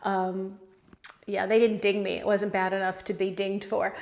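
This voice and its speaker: A woman's voice: mid-range voice, little pitch movement, normal speed, creaky. A woman vlogging about her pottery in a casual, rambling, chatty way, breaking off mid-sentence and picking the thread back up. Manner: rambling, chatty, self-interrupting, warmly emotional. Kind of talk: casual chat.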